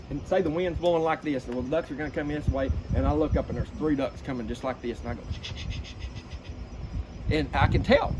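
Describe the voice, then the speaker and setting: A middle-aged man talks in a slightly high voice, folksy and lively. He breaks off to imitate duck calls. Clear background noise runs under the recording. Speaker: duck-calling expert. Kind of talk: casual explanatory chat with vocal demonstrations. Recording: noisy background.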